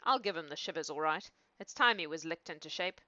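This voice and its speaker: A woman's voice: deep voice, animated, fairly quick, pushed and bright, dry recording, muffled recording. A woman voicing a stern, scheming village sexton.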